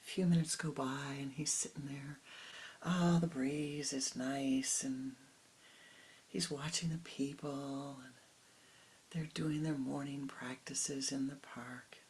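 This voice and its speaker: A woman spiritual teacher telling a parable in a calm, soft-spoken way that often drops close to a whisper. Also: rumbling low, slow, slight background noise, poor audio. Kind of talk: storytelling sermon.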